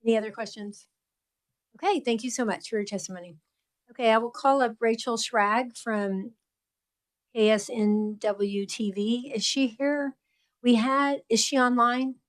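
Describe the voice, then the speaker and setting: A woman chairing a committee hearing, calling on speakers in a brisk, procedural way. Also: on the high side, steady tone. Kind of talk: running a hearing.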